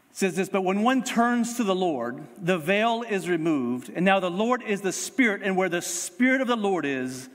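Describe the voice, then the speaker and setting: A middle-aged man preaching a sermon as pastor, emphatic, swinging from loud calls down to quiet prayer. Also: a little high. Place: church sanctuary. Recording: long hall reverb.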